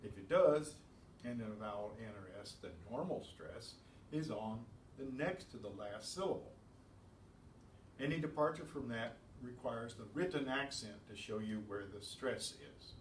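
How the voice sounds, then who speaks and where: A mid-range male voice at normal speed leads a beginners' Spanish lesson, explaining rules step by step and drifting into chatty asides. The recording has an echoey room sound, a distant mic, faint ambience and a little hiss or hum.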